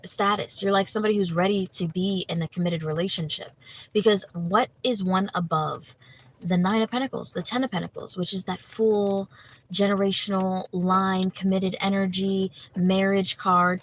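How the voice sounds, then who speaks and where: This woman reads tarot on a livestream in a mid-range voice, captured on a rough recording with a little hiss or hum. She's chatty, laughs easily, greets her viewers by name, and fills her talk with "you know" and "like."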